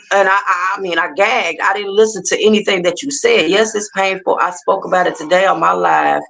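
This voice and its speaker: A woman's voice: mid-range voice, creaky, a bit bright, poor audio. A woman hosting a livestream, speaking in an emphatic, scolding, preacher-like way. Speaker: livestream reaction host. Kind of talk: heated livestream rant.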